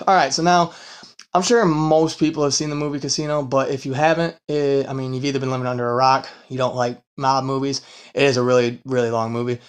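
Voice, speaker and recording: A man talks his way loosely through a true-crime podcast episode, swearing freely and trailing into fillers. He sounds worn out after a long work week. His voice sits at an ordinary middle pitch. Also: fairly even intonation, a little fast, clear, resonant tone. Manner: rambling and profane, full of fillers and laughs. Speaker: podcast host.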